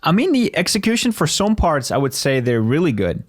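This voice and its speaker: A man co-hosting a casual beatbox review chat, relaxed and loose, full of "you know what I mean". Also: a little high, brisk. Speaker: beatboxer co-host.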